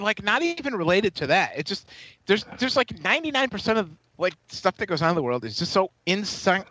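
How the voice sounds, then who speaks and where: A man's voice: high-pitched, bright, forceful tone, no room sound, highs cut off. A tipsy man co-hosting a podcast, telling a profane, ranting story in casual chat. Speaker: podcast co-host.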